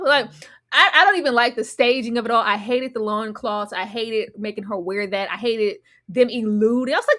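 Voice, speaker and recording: A woman giving animated, sassy commentary recapping a reality show, often mocking the cast in put-on voices. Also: on the high side, brisk.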